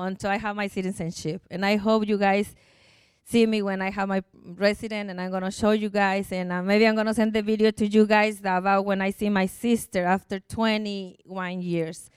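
A woman's voice: mid-range voice, flat delivery, moderate pace, smooth, no echo, studio quality. A middle-aged woman from Mexico with a Mexican accent, giving an earnest, emotional personal testimony to a church congregation in non-native English. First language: Spanish.

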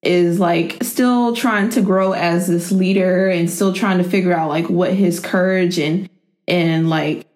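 A woman co-hosting a casual chat, dropping wry quips and laughing along. Her voice is fairly low and carries a roomy echo. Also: fairly even intonation, measured pace, darkish tone. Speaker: podcast co-host.

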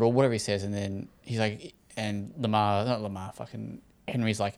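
A laid-back Australian man chats through a TV episode recap on a podcast. His voice sits on the low side, and he rambles along with plenty of swearing and loose asides. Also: fairly even intonation, normal speed, hardly any pauses, smooth. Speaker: podcast co-host. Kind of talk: casual chat.

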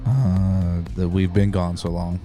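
A man's voice: low-pitched, flat delivery, slow, mellow, soft background music. A man co-hosting a podcast, chatting casually in a rambling, jokey way with many restarts. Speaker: podcast co-host. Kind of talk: casual chat.

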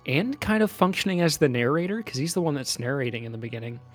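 A man's voice: on the high side, big pitch swings, fast talker. Chatty man, faint music behind. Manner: chatty, loose, full of "like" and "uh" fillers. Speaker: podcast co-host. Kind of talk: casual chat about a movie.

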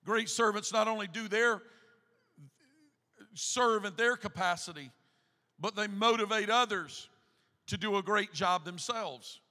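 A middle-aged man, a pastor preaching a sermon, building to shouted, repeated emphasis in a church. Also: sits high, measured pace, long pauses, long reverb tail. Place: church sanctuary.

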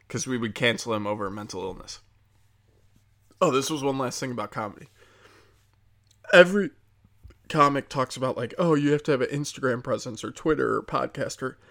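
Young guy ranting on his podcast, swears a lot, heated, mid-pitch voice. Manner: profane, heated, animated ranting with mocking quoted voices. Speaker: comedian podcast host. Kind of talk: casual ranting monologue.

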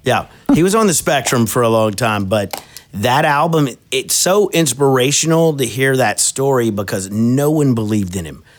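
A man's voice: medium pitch, animated, normal speed. A man co-hosting a casual podcast, telling rambling, enthusiastic music stories. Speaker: podcast co-host. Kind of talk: casual chat.

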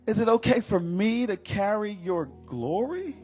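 Guy doing a squeaky doubtful believer, pleading and unsure. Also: lively intonation, a little slow, a little mellow, breathy edge, soft background music, exaggerated voice. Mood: doubting. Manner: pleading, disbelieving questions. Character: anxious doubting believer questioning God.

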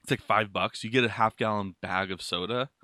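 A man co-hosting a podcast in casual chat, blunt, with constant swearing and loud riffs. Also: fairly low pitch, fairly even intonation, a little fast, no echo, studio quality. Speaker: podcast co-host.

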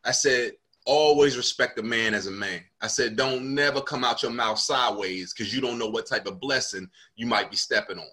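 A man's voice: medium pitch, normal speed, few pauses, pushed and bright. A male comedian in casual conversation, animatedly telling a story and acting out what people said.

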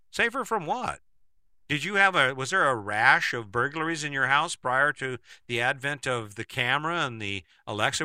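Man, piercing bright tone, dry close sound, skeptical talker who keeps asking rhetorical questions. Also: medium pitch, no echo. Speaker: speaker giving a monologue to camera. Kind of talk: persuasive commentary monologue.

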